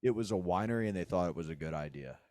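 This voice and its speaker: A man, a stand-up comedian co-hosting a podcast, talking in a dry, irritable, deadpan way. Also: deep voice, rapid-fire, no echo. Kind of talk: casual comedic chat.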